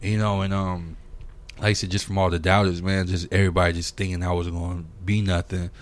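A man's voice: sits low, level tone, a little fast. A man from Minnesota, a music producer, talking as a guest on a podcast in a loose, profane storytelling way. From St. Paul, Minnesota, USA. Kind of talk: casual podcast conversation.

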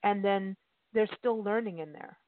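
A woman's voice: mid-range voice, normal speed, no room sound. Chatty woman host on a tinny line. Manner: lively, chatty, laughs and puts on voices. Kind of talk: casual interview chat. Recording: phone-like remote call audio.

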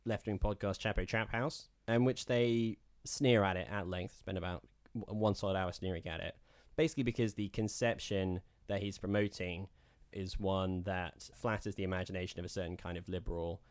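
Podcast co-host, male, low-pitched, sardonic casual talker, dry studio sound. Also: steady tone, moderate pace, hardly any pauses, no room sound. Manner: sardonic, rambling with restarts. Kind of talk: casual political chat.

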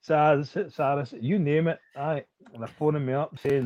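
A man's voice: fairly high pitch, fairly even intonation, measured pace, darkish tone, no room sound, muffled recording. A Scottish man, a rugby player guest, chatting casually in a laid-back, self-mocking way. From Scotland. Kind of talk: casual chat.

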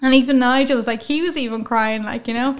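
A woman with an Irish accent, a guest telling a personal story in a lively, chatty way. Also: on the high side, fast, clean tone. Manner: chatty, lively, acts out quoted speech. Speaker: interview guest.

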